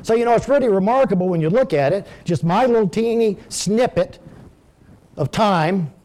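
This is an older man with a high, warm voice, preaching a sermon full of folksy personal anecdotes. His intonation is lively, his pace moderate, and he addresses the congregation head-on.

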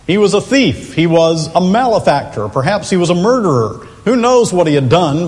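A man preaching a sermon, earnest and emphatic, slowing and lifting his voice to stress key phrases. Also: on the high side, a little mellow. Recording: long reverb of a large hall.

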